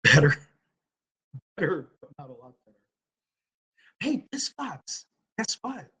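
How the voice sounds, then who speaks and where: A man's voice: high-pitched, big pitch swings, a little slow, pushed and bright, slightly rough, low-quality recording. A man hosting a live stream, talking to his viewers through a laptop's built-in mic, blunt and profane, repeating his questions at people in the chat.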